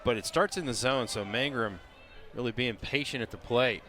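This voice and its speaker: A man giving relaxed color commentary on a baseball game, explaining plays. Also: medium pitch, moderate pace. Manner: relaxed, explanatory, many fillers. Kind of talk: live baseball analysis.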